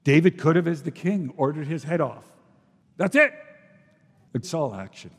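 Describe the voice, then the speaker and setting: A man preaching a sermon earnestly, his voice swinging between forceful emphasis and sudden low, hushed drops. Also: expressive, normal speed, breathy edge. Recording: long reverb of a large hall.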